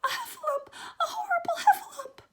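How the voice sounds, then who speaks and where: A woman's voice: very high voice, fairly even intonation, takes it slowly, creaky, darkish tone, a little hiss or hum, voice pushed up, exaggerated voice. A woman voicing a tiny, timid male piglet who squeals and stammers, out of breath. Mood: panicked.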